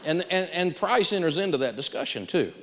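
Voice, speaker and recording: A man teaching personal finance in a live seminar, telling stories with big swings in pitch. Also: sing-song, brisk, vocal fry, fairly bright tone, in a large hall, a little hiss or hum.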